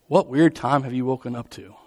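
A man's voice: mid-range voice, steady tone, brisk, a little mellow. A man preaching in a conversational, storytelling way, acting out quotes with vivid voices. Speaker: pastor. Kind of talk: sermon.

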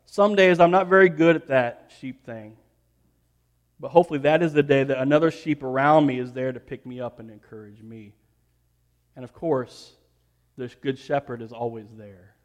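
A man preaching a sermon to graduates, telling a story with emphatic, rising peaks and soft, quiet asides. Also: mid-range voice, moderate pace. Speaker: pastor.

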